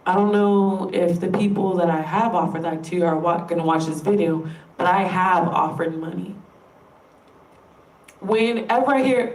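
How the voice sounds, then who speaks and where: Speaking at a moderate pace in a lowish voice, a female vlogger addresses her viewers directly in a frustrated, forceful rant, cursing freely as she argues. She sounds distant from the mic in a roomy space.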